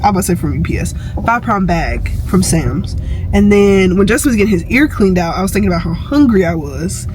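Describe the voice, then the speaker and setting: A woman's voice: mid-range voice, expressive, a little fast, darkish tone, poor audio. A woman talking casually to the camera in a vlog, full of fillers, recorded in a car. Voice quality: chatty, many fillers like "like" and "um". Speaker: vlogger.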